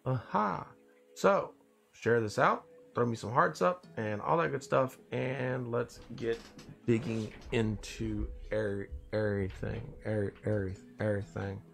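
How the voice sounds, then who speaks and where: Tired gravelly-voiced man greeting viewers. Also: medium pitch, faint music behind. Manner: rambling, greets viewers by name, drawn-out phrasing. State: tired, groggy after little sleep. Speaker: live stream host. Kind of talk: casual morning live stream chat.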